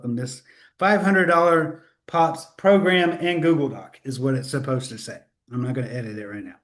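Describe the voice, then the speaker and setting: A man's voice: a little high, a bit bright. Upbeat man hosting a live webinar. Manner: upbeat, self-correcting, laughs at own slip-ups. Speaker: webinar host.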